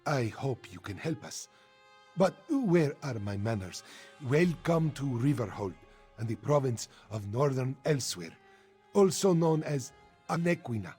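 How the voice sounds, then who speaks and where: An actor voicing a dignified, courteous male feline leader and military commander in a video game, with a husky voice. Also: mid-range voice, very animated, unhurried, a little mellow, faint music behind. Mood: formal. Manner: formal, courteous.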